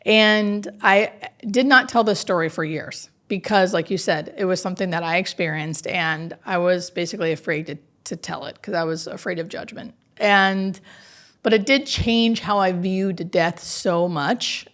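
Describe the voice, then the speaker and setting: A woman, a hospice nurse, telling stories in a conversational interview, animated and earnest with many filler words. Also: fairly low pitch, moderate pace.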